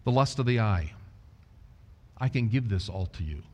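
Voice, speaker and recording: A man preaching a sermon, speaking in a slow, deliberate way and quoting scripture. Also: on the low side, animated, in a large hall, lo-fi sound. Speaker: pastor.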